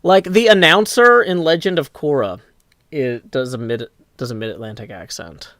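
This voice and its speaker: A man chats casually on a live stream, reading chat aloud and rambling through his answers. His mid-range voice moves at a moderate pace, and the recording is studio quality with no echo, though his desk mic clips when he gets loud.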